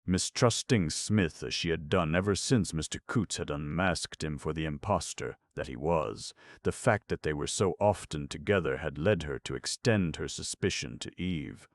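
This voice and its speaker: A man narrating a comic novel as an audiobook in a measured storytelling manner. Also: very deep voice, no room sound. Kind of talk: scripted narration.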